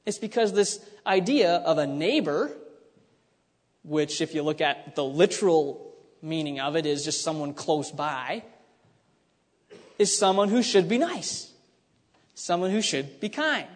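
A man's voice: a little high, very animated, unhurried, long pauses. A man preaching a conversational sermon, teaching with frequent restarts and asides. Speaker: pastor. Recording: long hall reverb.

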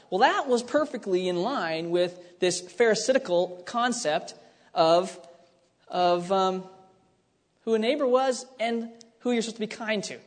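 A man's voice: sits high, animated, measured pace. A man preaching a conversational sermon, teaching with frequent restarts and asides. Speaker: pastor. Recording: long hall reverb.

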